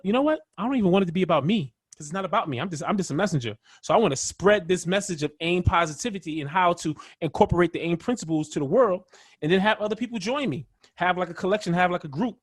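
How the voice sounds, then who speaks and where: Upbeat guy on a podcast telling his story, a bit high-voiced, dry sound. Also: a bit bright, dry recording. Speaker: interview guest. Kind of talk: casual interview chat.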